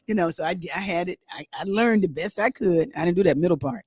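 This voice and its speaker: A middle-aged woman hosting, telling a story to her online audience in a lively, chatty, rambling way. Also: fairly low pitch, quick pace, hardly any pauses, loud music behind the voice. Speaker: host.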